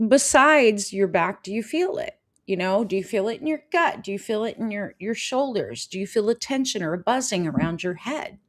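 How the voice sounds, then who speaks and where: Animated woman coaching viewers. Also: a little high. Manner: animated, repeats phrases, reads viewer comments aloud. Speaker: coach hosting a live stream. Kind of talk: live-stream coaching talk.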